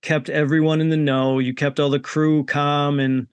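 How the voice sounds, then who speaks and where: Smooth-voiced casual podcast co-host man. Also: a little high, moderate pace, no room sound. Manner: relaxed, filler-heavy, supportive. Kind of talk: casual chat.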